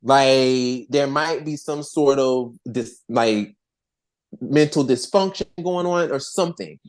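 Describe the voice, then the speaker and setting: In a casual podcast chat, the host speaks slowly in a mid-range voice, animated and rambling, with plenty of restarts and swearing.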